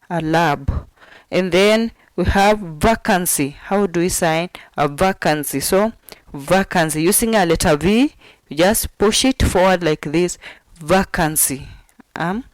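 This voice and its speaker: Slow, patient woman teaching sign words. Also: lowish voice, no room sound, rough recording. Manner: repeats each word several times, patient and deliberate. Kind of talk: slow instructional explanation.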